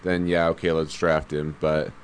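A man with a low, resonant voice chatting casually about sports. He explains his views in a measured way, hedging and circling back with fillers. His tone is clean and smooth throughout. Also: flat delivery.

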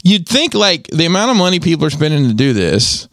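A man's voice: on the high side, sing-song, fairly quick, a bit bright, dry recording, clean studio sound. A man in casual podcast chat, rambling with many fillers and restarts.

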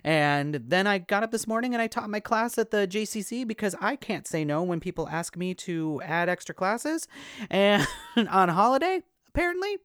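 A man's voice: sits high, expressive, moderate pace, a bit bright, smooth, dry recording, studio quality. Chatty, laughing podcast man. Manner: chatty, laughs often, rambling. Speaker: podcast co-host, fitness instructor. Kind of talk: casual chat.

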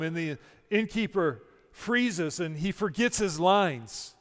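A middle-aged man preaching a sermon as pastor, prayerful and conversational, often restarting words and dropping quiet. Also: high-pitched, animated, slow, long reverb tail. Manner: prayerful, softening to near-quiet, with many restarts.

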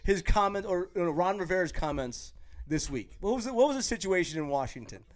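A man hosting a casual sports podcast, excitable and quick to laugh, often restarting his sentences. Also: high-pitched. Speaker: podcast host. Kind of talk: casual chat.

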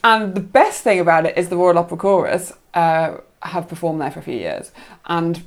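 A young woman guest chatting casually, telling an animated story and laughing often. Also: lowish voice, moderate pace. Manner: animated, laughing often, acts out quoted voices.

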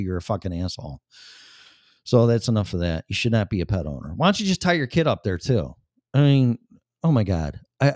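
A man's voice: fairly low pitch, dark tone, dry recording, clean studio sound. A man in his fifties from Chicago with a Chicago accent, hosting a casual podcast monologue in a blunt, profane, rambling way. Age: 50s. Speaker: podcast host.

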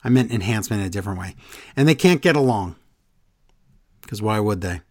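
A man's voice: on the low side, lively intonation, fairly quick, dry recording, clean studio sound. A man in casual chat, animatedly retelling events and quoting people in funny voices. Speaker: podcast co-host recapping wrestling.

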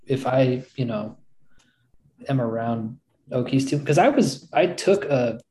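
A man's voice: mid-range voice, animated, measured pace, mellow, a little hiss or hum, poor audio. A man from Virginia with a slight Virginian accent, joking and rambling in a casual podcast chat. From Virginia, USA. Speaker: podcast co-host, author.

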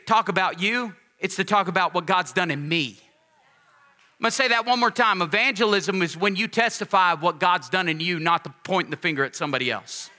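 A pastor delivering a folksy sermon, rising to emphatic calls to the congregation. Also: male voice, high-pitched, sharp tone.

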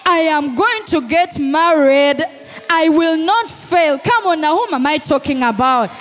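A woman pastor with a Ugandan English accent, preaching a sermon with shouted declarations and call-and-response to the congregation. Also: high voice, lively intonation, measured pace. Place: church hall. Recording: long reverb in a large hall with music.

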